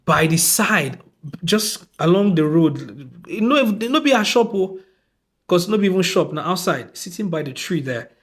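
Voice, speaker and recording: A man's voice: high-pitched, brisk. A man with a Nigerian accent hosting a podcast, giving a casual, exasperated film review and acting out lines from the film. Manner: animated, exasperated, acts out quoted lines.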